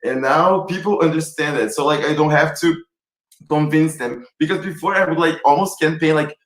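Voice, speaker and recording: A Brazilian man with a voice on the high side talks at a normal speed, animated and rambling, and calls himself extravagant. He's a guest in a virtual film Q&A. The recording is poor, made in an echoey room.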